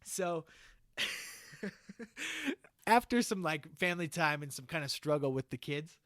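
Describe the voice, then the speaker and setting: A man on a podcast pitching a movie idea like a comic storyteller, checking in with "okay?" after almost every phrase. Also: expressive, unhurried, fairly bright tone, no echo, clean studio sound. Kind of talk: casual comedic pitch.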